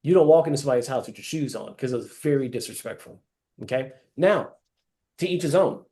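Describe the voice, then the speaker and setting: A man's voice: mid-range voice, fairly quick. A man leading a live sales training session over a video call, acting out scenes and calling on trainees by name. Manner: animated, acts out scenes, addresses trainees by name.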